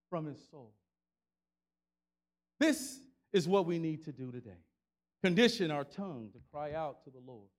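High-voiced male preacher building to shouts. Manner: rhythmic repetition building to shouted climaxes; colloquial preaching with call-and-response. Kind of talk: sermon.

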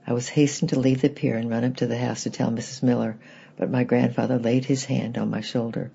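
A man reading a children's book aloud in gentle, plain storybook narration, with a husky, gravelly voice. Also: medium pitch, level tone, a little fast, dull audio.

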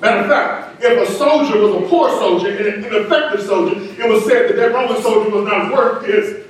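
A man's voice: high voice, fairly quick. A man preaching a sermon in a church, emphatic, repeating key words for stress. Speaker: pastor. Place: church sanctuary. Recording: echoey room, mic at a distance.

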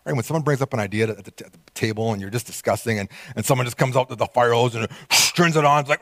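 A male pastor preaching a sermon, animated and conversational, acting out quoted voices with small laughs. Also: fairly high pitch, quick pace, no room sound.

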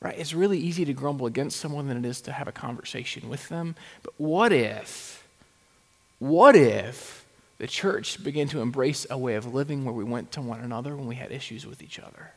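A pastor preaching a sermon in a conversational way, with rhetorical questions and wry asides. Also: male voice, medium pitch, fairly quick. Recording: long hall reverb.

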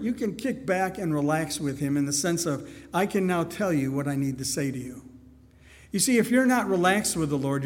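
A middle-aged male pastor preaching a sermon to a congregation, often asking them questions. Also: fairly high pitch. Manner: asks the congregation many questions. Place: church sanctuary. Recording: long hall reverb.

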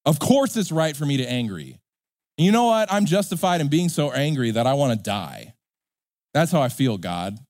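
A man's voice: on the high side, sing-song, normal speed, darkish tone, no room sound, studio quality. A man voicing a sulky, self-pitying grown prophet who whines and swings from glee to despair. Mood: defiant self-pity.

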